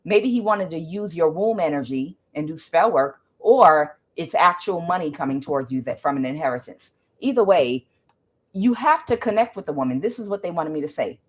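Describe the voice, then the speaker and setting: Woman tarot reader, casual rant, emphatic, keeps saying okay, slightly low voice. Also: animated, normal speed. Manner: emphatic, keeps asking "okay?", ranting asides. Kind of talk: casual tarot reading monologue.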